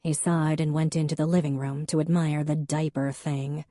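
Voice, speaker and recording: Woman reading an audiobook, low mellow voice, dry studio sound. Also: little pitch movement, normal speed, no echo. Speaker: audiobook narrator. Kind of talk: scripted narration.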